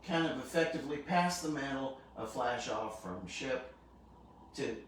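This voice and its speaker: A man co-hosting a casual chat, relaxed and talkative, fond of corny jokes. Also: medium pitch, measured pace, a little hiss or hum. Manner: relaxed, chatty, tells dad jokes. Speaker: co-host. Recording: echoey room, far from mic, faint background ambience.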